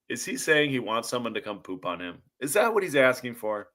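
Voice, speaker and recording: Bright-toned, bemused male podcast co-host. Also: mid-range voice, very animated, fairly quick. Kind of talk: casual chat.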